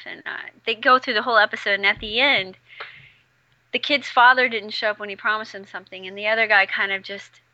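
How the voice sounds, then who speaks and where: Very bright-voiced woman, dull dry sound. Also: mid-range voice, no room sound. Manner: reflective, laughs easily. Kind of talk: casual chat.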